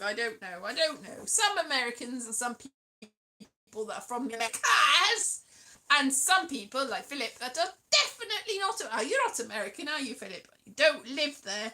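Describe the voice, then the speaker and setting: A woman from Wales chatting casually with her livestream viewers, rambling and playful, breaking into sing-song now and then. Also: a little high. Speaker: streamer. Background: loud piano music.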